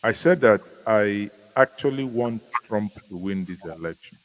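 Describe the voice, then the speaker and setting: A man's voice: lowish voice, low-quality recording. Nigerian man musing on a live stream. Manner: musing, halting, with many restarts. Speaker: guest commentator. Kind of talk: casual live discussion. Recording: faint background noise.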